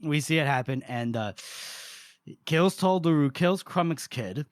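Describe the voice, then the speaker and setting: A man's voice: fairly high pitch, measured pace, no echo, clean studio sound. A man co-hosting a podcast, casually recapping a book and acting out the characters' lines. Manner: animated retelling, acts out the characters' lines. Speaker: podcast co-host.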